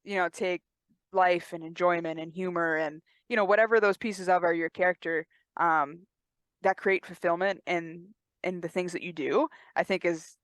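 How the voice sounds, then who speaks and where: Laid-back woman with a low voice. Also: steady tone, moderate pace, no echo. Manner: reflective, laid-back, swears freely. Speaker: podcast co-host. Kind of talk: casual chat.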